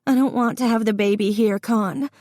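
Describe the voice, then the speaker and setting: A woman voicing a young pregnant woman in labor, high and pleading. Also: little pitch movement, slow, a little mellow, no echo, clean studio sound, close to an everyday voice. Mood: scared.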